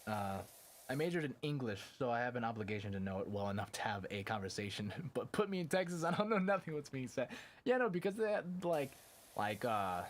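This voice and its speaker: A man's voice: mid-range voice, very animated, brisk. A young adult man chatting casually on a live stream, rambling and packing his talk with fillers and casual swearing. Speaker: game streamer.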